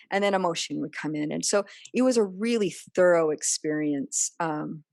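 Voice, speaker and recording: A woman's voice: low voice, brisk, vocal fry, hardly any pauses, a little mellow, no echo. A woman speaking earnestly as a podcast guest, often acting out remembered dialogue in other voices. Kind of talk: personal interview conversation.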